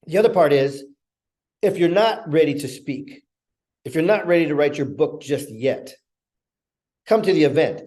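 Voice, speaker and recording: A middle-aged man giving a motivational talk, telling stories with lively acted-out quotes as an event organizer. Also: mid-range voice. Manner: energetic storytelling, acts out quoted dialogue.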